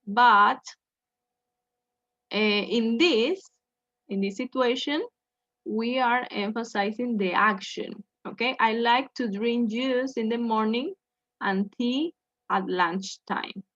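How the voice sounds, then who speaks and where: A woman teaching an English grammar lesson, speaking slowly and checking in with "okay" after each point. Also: a little high, fairly bright tone, no room sound. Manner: slow, repeats "okay" to check in with students. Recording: dull lo-fi sound.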